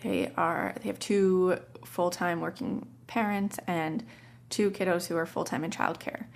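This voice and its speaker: A woman's voice: lowish voice, steady tone, unhurried, creaky. A woman hosting a parenting podcast, telling a client story in a casual, conversational way and acting out the quotes.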